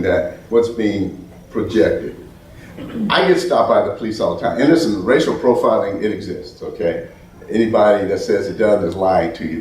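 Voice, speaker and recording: An American man giving an animated storytelling talk at an event, restarting often and acting out the voices he quotes. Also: lowish voice, slight background noise. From United States. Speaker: speaker at an event. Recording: roomy hall from far off.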